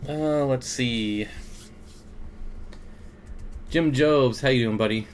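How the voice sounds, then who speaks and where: A man's voice: mid-range voice, takes it slowly, a little hiss or hum. A young man hosting a casual aquarium livestream, greeting viewers by name and reading their comments with frequent chuckles. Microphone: desk mic.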